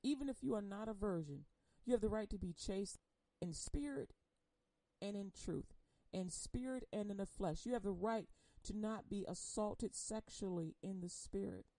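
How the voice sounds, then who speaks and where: A woman giving an impassioned personal testimony on air. She speaks emotionally and bluntly, swinging between loud outbursts and hushed confession. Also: mid-range voice, animated, moderate pace, no room sound, poor audio. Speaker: churchgoer sharing a personal testimony.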